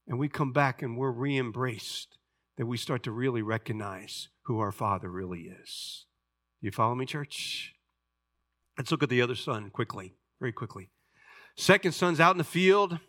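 A man preaching a sermon, telling a story dramatically and swinging from loud passages to hushed ones. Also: high voice. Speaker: pastor.

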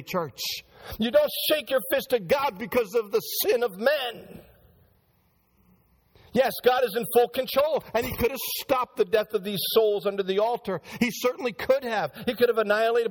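A high-pitched male pastor preaches a sermon in church, addressing the congregation directly and acting out the voices of those he quotes.

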